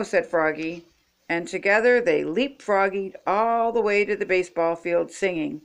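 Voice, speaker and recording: An older woman reading picture books aloud expressively, stopping to chat with young viewers. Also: fairly low pitch. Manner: slow, expressive, chatty asides to young viewers. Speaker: storybook reader.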